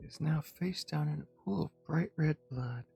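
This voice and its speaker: A male streamer reading a visual novel aloud in the first person, with tense, halting delivery. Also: on the high side, vocal fry, mellow, husky, faint music behind.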